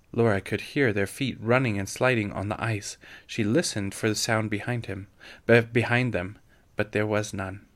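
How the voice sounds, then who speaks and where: A man with a fairly low voice reads a storybook aloud. His narration is measured and steady. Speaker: reader.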